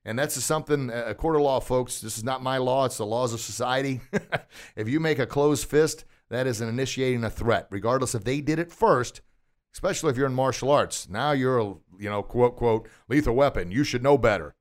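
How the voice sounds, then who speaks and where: A man's voice: medium pitch, a little fast. A man hosting a coaching podcast from a recording studio, encouraging and upbeat, quizzing his listener with questions and praising the answers. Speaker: podcast host and martial arts instructor. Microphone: studio microphone.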